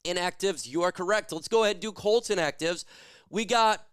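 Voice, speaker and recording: A man hosting a live sports stream, reading viewer comments quickly and shouting catchphrases with lots of energy. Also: high voice, clean tone, no room sound, studio quality.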